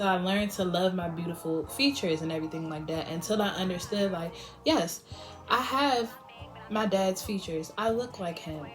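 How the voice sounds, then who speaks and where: A young woman tells a personal story to her vlog audience in a lively, chatty way. She laughs often and acts out other people's lines as she goes. Faint music plays quietly underneath her voice. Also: mid-range voice. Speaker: beauty vlogger.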